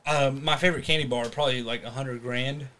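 A man co-hosting a casual podcast chat, rambling and restarting his sentences, with sudden animated bursts. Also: medium pitch, fast. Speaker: podcast co-host.

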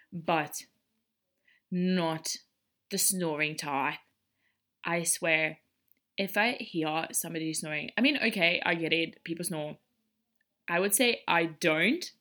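A woman's voice: on the low side, fairly bright tone. Profane, ranting young woman podcaster. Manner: profane, blunt, sarcastic. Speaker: podcast host. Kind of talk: casual ranting monologue.

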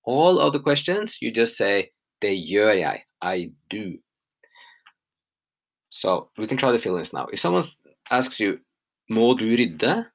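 A woman teaching grammar on a podcast, explaining patiently with relaxed fillers. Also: very deep voice, a little slow, long pauses. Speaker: language teacher.

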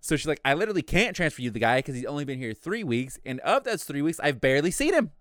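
A young man tells a work story in casual chat, animated and swearing freely as he acts out what others said. His voice is fairly high and fast, with a dry, clean studio recording.

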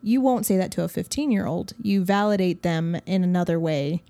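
Frank low-voiced woman in casual chat. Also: brisk. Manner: direct and frank, gently teasing. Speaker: podcast co-host. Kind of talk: casual conversation.

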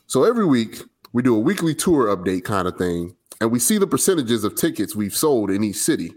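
A man's voice: fairly low pitch, big pitch swings, measured pace, pauses often. A man co-hosting a casual talk show in a playful, joking manner. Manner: playful, laughs easily. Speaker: co-host.

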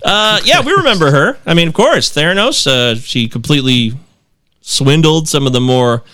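A man's voice: fairly high pitch, animated, normal speed, bright, forceful tone, dry recording, clean studio sound. A man hosting a casual comedy podcast, reading listener emails aloud in mocking, exaggerated voices and laughing often.

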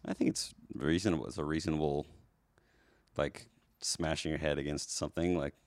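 A man's voice: rumbling low, fairly even intonation, brisk, a little mellow, no echo. A man speaking as a guest on a podcast, talking hesitantly and searching for his words. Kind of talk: casual chat.

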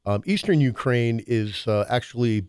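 A man's voice: mid-range voice, animated, normal speed, a little mellow, clear, resonant tone, no room sound, studio quality. A man hosting a talk radio show, musing on current events in a rambling, hesitant way full of fillers. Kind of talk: casual political talk.

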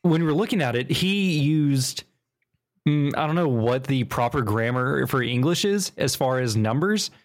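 A man's voice: medium pitch, animated, unhurried. Hesitant, explaining man on a podcast. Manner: explains at length with hesitant restarts. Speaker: podcast host. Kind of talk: casual podcast conversation.

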